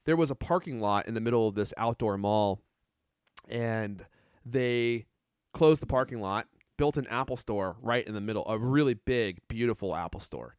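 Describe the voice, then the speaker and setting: A man's voice: fairly low pitch, moderate pace, smooth, no echo, clean studio sound. A man co-hosting a tech podcast in casual chat, joking and rambling, laughing often. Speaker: podcast co-host.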